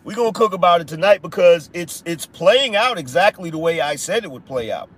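A man hosting a live-stream political podcast, talking in a mocking, repetitive way, and now and then breaking into shouts and slang aimed at his chat. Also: high voice, expressive, a little fast. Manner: slangy, addresses chat as y'all and brother. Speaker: podcast host.

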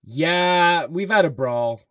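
Speaking slowly with lively intonation, a young podcast co-host relates a story in casual conversation, packed with swearing, "bro," and "like." His voice is a little high and a bit bright, recorded cleanly in a studio with no echo from a distant mic.

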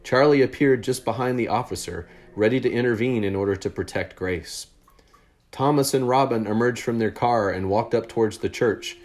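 A man narrating a story with a steady, measured reading. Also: medium pitch. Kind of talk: storytelling read-aloud.

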